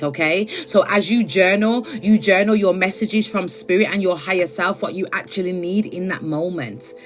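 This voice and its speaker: A woman giving spiritual advice on a live stream, chatty and affectionate, checking in with "okay?" again and again. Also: lowish voice. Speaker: spiritual reader.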